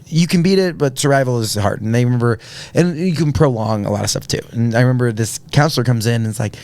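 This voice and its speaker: A man's voice: mid-range voice, lively intonation, quick pace, a little mellow, no room sound. A man, telling a personal story earnestly on a podcast, with many fillers and restarts. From Indiana, USA. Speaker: podcast guest. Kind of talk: casual storytelling.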